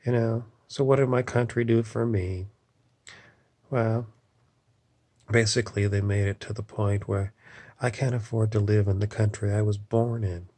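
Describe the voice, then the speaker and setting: A man's voice: on the low side, little pitch movement, moderate pace, long pauses, warm tone. A man in an angry, rambling political rant, swearing often and leaning on "you know". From Canada.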